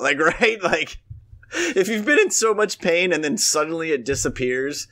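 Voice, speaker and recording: A man's voice: a little high, lively intonation, moderate pace, sharp tone. A man co-hosting a podcast, talking in a laid-back, profane, chatty way. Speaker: podcast co-host. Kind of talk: casual chat.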